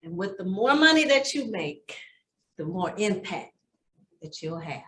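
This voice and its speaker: A woman's voice: medium pitch, big pitch swings, measured pace, pauses often, noisy background. A woman teaching a real estate class, telling heartfelt stories about giving back. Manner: heartfelt, storytelling, speaks of blessing and giving. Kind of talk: motivational class talk. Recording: echoey room.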